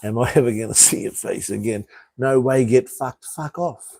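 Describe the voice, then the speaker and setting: A man's voice: mid-range voice, normal speed, creaky, warm tone, dry recording. A middle-aged Australian man hosting a casual live stream, chatting with viewers as mate and brother and swearing freely. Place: home in Cambodia.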